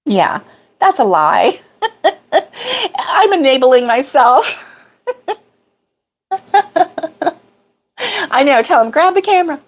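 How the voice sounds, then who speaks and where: A woman's voice: sits high, very animated, slow pace, pauses often. A middle-aged woman hosting a crochet livestream, chatting casually, chuckling and answering viewer comments as she goes. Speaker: crochet channel host.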